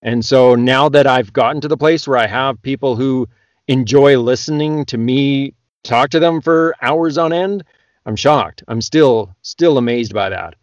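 A man from Canada talks as a guest on a podcast, telling stories in a quick, chatty way. His voice sits at a middle pitch and sounds close and dry, with no room around it. He comes across as an audiobook narrator talking about his work. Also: no echo. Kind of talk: casual podcast chat.

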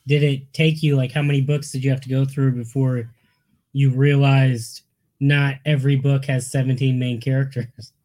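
A relaxed male podcast host asks questions with plenty of fillers and small hesitations. His voice sits at a middle pitch, and the recording is dry, with almost no room sound. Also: moderate pace, no echo. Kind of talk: casual interview chat.

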